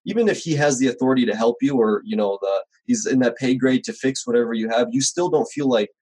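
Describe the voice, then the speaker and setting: Fast-talking husky man telling stories. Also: medium pitch, rough recording. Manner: animated storyteller, acts out quoted voices. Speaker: home service contractor guest. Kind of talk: casual podcast conversation.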